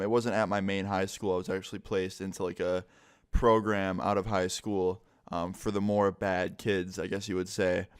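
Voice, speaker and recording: A young man with a lowish voice tells a story from his past in a loose, casual way. He swears freely and jumps into louder, livelier voices when he acts out what his friends said. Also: clear, resonant tone. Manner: relaxed, swears a lot, animated when quoting people. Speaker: vlogger telling stories.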